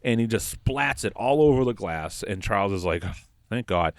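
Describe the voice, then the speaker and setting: A man improvising a crude comic story on a podcast, rambling with many fillers and quick quoted voices. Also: fairly low pitch, lively intonation, dry recording, studio quality. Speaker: comedy podcast host.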